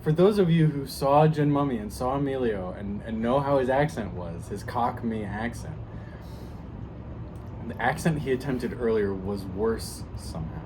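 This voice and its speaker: A man's voice: medium pitch, moderate pace. Young guy teasing his buddy, dry jokes, noisy background. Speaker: co-host of a script reading video. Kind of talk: casual banter. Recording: noticeable background noise.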